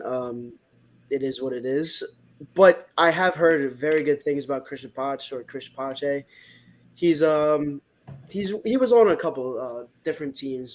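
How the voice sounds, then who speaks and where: Rambling casual man from Pennsylvania. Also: a little high. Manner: casual, rambling, many "um" fillers. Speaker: podcast co-host. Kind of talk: casual sports podcast chat.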